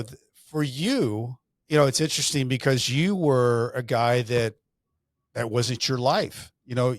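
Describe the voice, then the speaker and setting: A man's voice: mid-range voice, dry recording. A man hosting a podcast in casual interview talk, asking rambling, self-interrupting questions. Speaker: podcast host.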